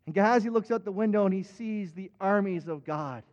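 A man's voice: high voice, fairly quick, darkish tone. A male pastor preaching a sermon with impassioned emphatic peaks. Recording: dull recording with long hall reverb.

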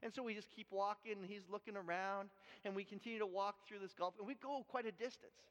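A man's voice: high-pitched, steady tone, fast, fairly bright tone. A man from Canada preaching a sermon, telling a personal story in an earnest way and often repeating and restarting words. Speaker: pastor. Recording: echoey hall, dull lo-fi sound.

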